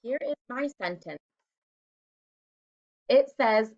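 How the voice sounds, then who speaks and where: Slow, clear-spoken woman teacher. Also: on the high side, lively intonation, fairly bright tone. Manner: slow, deliberate, encouraging classroom delivery. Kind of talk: teaching a lesson to young children. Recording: dull, lo-fi home recording.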